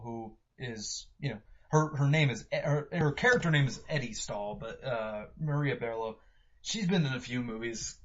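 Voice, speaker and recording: A man casually reviewing a movie for a podcast, rambling with many fillers and restarts. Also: medium pitch. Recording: dull lo-fi home recording.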